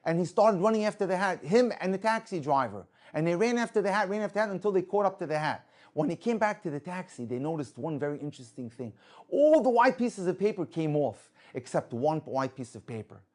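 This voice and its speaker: A man telling an inspirational religious story with lively delivery, acting out the people in it. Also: high voice, fairly quick. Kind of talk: inspirational story told to an audience.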